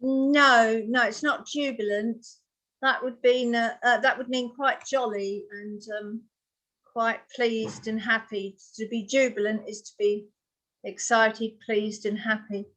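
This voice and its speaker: Woman tutoring english vocab, patient, bright voice. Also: a little high, fairly even intonation, slow pace. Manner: patient, explaining step by step. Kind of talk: one-on-one vocabulary lesson.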